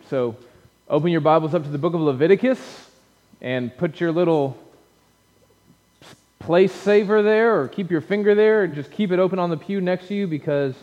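Joking pastor in a reverberant church. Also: male voice, on the high side, a little mellow. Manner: conversational and joking with the congregation. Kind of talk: sermon. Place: church sanctuary. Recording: dull lo-fi church recording with long reverb.

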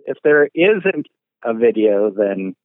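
Midwestern man, actor guest phoning in; animated, self-mocking, halting; muffled call audio. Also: fairly low pitch, dry recording. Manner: self-deprecating, laughs often, halting restarts. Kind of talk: podcast interview by phone.

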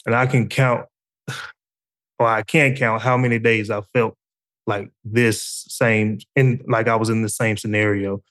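A man's voice: fairly low pitch, level tone, a little slow, a bit bright. A man hosting a casual faith talk, reflective and conversational, with frequent fillers. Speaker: faith podcast host.

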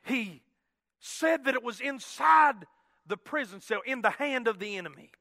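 A man preaching a sermon, telling a conversion story, swinging from loud emphatic peaks to hushed asides. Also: very high voice, expressive, normal speed, no room sound, clean studio sound, long reverb tail.

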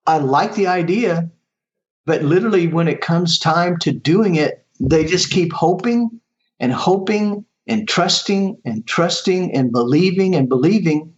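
A man with a slightly high voice speaks as a medium being interviewed, earnest and halting, often restarting his sentences. The audio sounds dull and lo-fi. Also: animated. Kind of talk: casual conversational interview.

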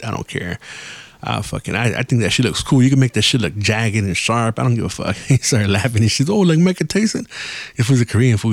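Gravelly-voiced man ranting casually. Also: fairly low pitch, a little mellow, dry recording. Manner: profane, rambling, laughs often. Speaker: podcast host. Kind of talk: casual storytelling rant.

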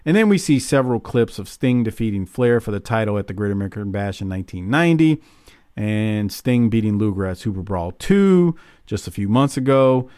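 A man hosting a casual wrestling recap podcast, joking and relaxed, on a podcast mic. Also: lowish voice, brisk, clear, resonant tone, no room sound, clean studio sound. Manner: casual, lively, joking, swears. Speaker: podcast host.

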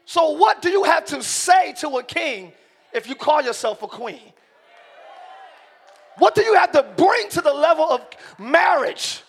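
High-pitched gravelly preaching man. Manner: preaching with shouted, emphatic lines and drawn-out slow phrases; joking, talks directly to the congregation. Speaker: pastor. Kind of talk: sermon. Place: church sanctuary.

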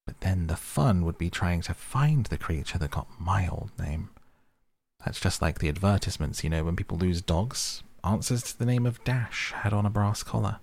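A curious, chatty young girl who rambles on, musing aloud to herself as she puzzles things out, read by a man. The voice stays deep and gravelly, with a husky edge. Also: a little mellow. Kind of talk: storybook character reading.

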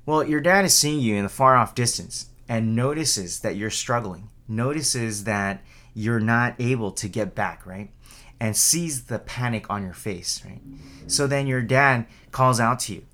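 A man gives an informal Buddhist dharma talk conversationally, repeatedly tagging sentences with "right?" and restarting and repeating words. When he acts out quoted calls, he raises his voice. His voice is fairly low in pitch and a bit bright.

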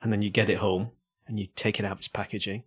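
Brief: low husky guy, chatty surf podcast co-host. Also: little pitch movement, fast. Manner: rambling, playful storytelling. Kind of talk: casual chat.

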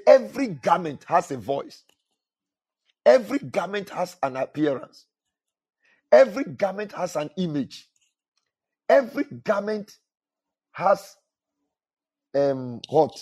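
A man with a somewhat high, husky voice preaches a sermon. He repeats his phrases and keeps asking the congregation to answer back. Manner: repetitive preaching with call-and-response questions to the congregation. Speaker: pastor.

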